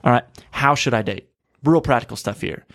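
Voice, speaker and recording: Brief: male pastor co-host, mid-pitched, earnest and chatty, dry mic. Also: brisk, gravelly, fairly bright tone, no echo. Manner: earnest, conversational, frequent fillers. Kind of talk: casual podcast discussion.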